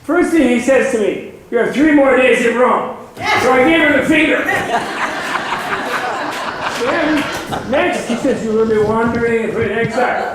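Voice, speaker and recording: A man's voice: very high voice, measured pace, pauses often, a bit bright, distant mic, pitched above the performer's own voice. A man voicing a wry male rabbi who recounts things with amused laughter, in a very echoey hall. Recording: very echoey hall, faint noise.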